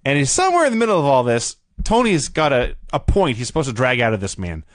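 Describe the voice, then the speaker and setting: A man co-hosting a podcast, reviewing old wrestling in casual, wry, animated chat. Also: medium pitch, fast talker, no room sound. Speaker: podcast co-host.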